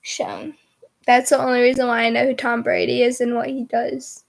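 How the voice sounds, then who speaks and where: A woman's voice: a little high, level tone, moderate pace, creaky. A young woman telling a rambling storytime story in a casual vlog, giggling often and full of filler words. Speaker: vlogger.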